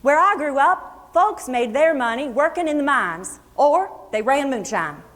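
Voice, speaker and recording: An actress portrays a homespun Kentucky hill-country singer in a first-person historical monologue before a luncheon hall audience. Her high, fairly bright voice with an Appalachian accent and lively intonation reminisces in a folksy, chatty, unhurried, plainspoken way, as a fond storyteller. The echoey hall adds long reverb.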